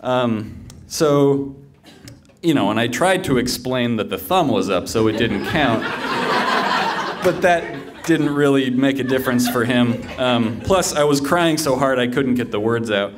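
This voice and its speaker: A man's voice: mid-range voice, animated, a little slow, noisy background. A man telling a humorous personal story live on stage, in a conversational way with fillers and restarts.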